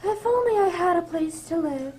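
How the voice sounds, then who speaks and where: Snow White, played by a woman as a very high, sweet princess. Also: lively intonation, normal speed. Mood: sweet, wondering. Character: sweet gentle young princess, easily frightened. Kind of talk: radio drama acting. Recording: loud background noise.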